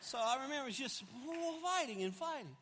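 A man in his fifties preaches to a large church congregation, telling a personal story with animated swings between loud outbursts and hushed, confessional moments. His voice sits high for a man, and a long hall reverb trails every phrase. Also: fairly quick, a little hiss or hum. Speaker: pastor. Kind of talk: storytelling sermon.

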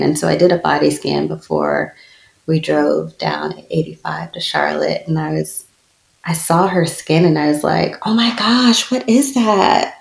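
Low, gravelly woman in her thirties. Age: 30s. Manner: earnest, personal, with soft laughs. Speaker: guest, spiritual speaker. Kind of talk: reflective interview storytelling. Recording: echoey room.

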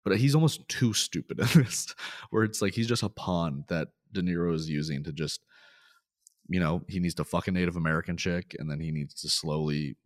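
Deep guy rambling about films, swears a lot, laughs, dry mic. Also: a little fast, dry recording. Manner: loose, profane, laughs often. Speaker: podcast host. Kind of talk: casual movie chat.

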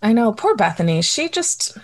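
A woman's voice: fairly high pitch, big pitch swings, moderate pace, a crowd in the background. A woman chatting casually about a TV episode, rambling with restarts and breaking into nervous laughter. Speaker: co-host. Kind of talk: casual TV recap chat.

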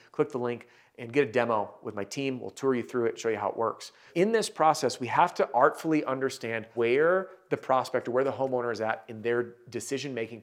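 A man coaching salespeople in a talk to camera, energetic and emphatic, speaking directly to the viewer. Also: medium pitch. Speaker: sales trainer for roofers.

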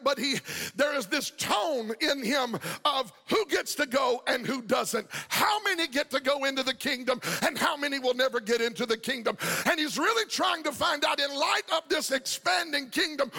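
A man preaching a sermon, shouting and half-singing his phrases with passion. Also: extremely high pitch, vocal fry, big-room sound.

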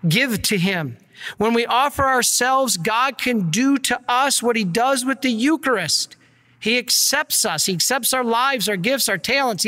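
A man, a priest, giving an earnest and energetic sermon with slides. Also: very high voice, in a large hall. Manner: earnest, energetic preaching, gets worked up.

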